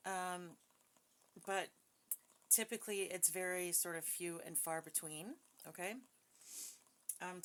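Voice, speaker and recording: A woman's voice: on the low side, fairly bright tone, slight background noise. A woman giving a casual psychic reading from home. She sounds chatty and hesitant, with many fillers and frequent small laughs. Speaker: psychic reader. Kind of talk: casual spoken reading with a recited prayer. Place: home with dogs nearby.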